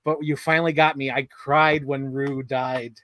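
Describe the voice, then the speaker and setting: A man co-hosting a casual film discussion podcast, animated, laughing often and acting out movie lines. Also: medium pitch, normal speed, heavy background noise. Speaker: podcast co-host.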